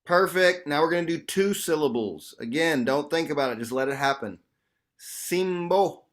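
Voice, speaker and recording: A man's voice: on the high side, a little fast. Casual man leading an online workshop. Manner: casual, animated, slangy, addresses group as y'all. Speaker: workshop facilitator. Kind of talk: online group workshop teaching. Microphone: video call.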